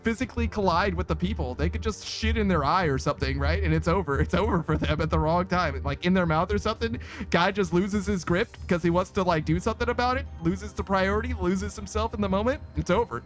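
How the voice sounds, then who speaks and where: A man's voice: high-pitched, animated, fast talker, few pauses, faint music behind. A man streaming a game, chatting casually and reading out chat, laughing often, swearing freely and rambling with lots of fillers.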